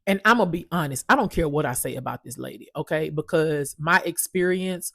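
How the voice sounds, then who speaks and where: A woman in her thirties casually telling her own story as a parent, animated and emphatic, swearing freely. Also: low-pitched, fairly quick, creaky, no echo, studio quality.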